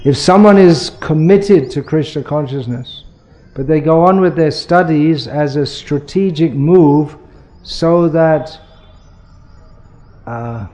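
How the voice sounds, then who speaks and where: A man answering questions as a spiritual teacher, explaining in a measured way with frequent restarts. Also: fairly high pitch, mellow.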